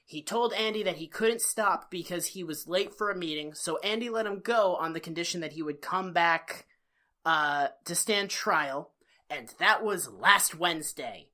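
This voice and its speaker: Bright-voiced woman podcaster, profane and animated. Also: on the low side. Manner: profane, animated recapping with quick impressions. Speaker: podcast co-host. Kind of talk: casual podcast chat.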